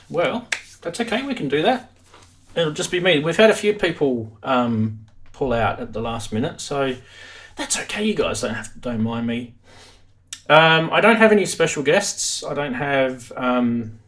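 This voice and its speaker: A man's voice: medium pitch, lively intonation, a little slow, a bit bright. Chatty Australian man hosting a stream. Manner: chatty, self-deprecating. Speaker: live stream host. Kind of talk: casual live stream chat. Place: home studio.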